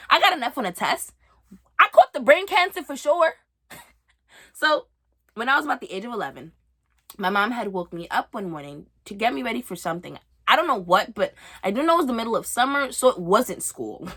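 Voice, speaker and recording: A young woman comedian telling a stand-up story in an animated, exaggerated, breezy way. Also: mid-range voice, a little fast.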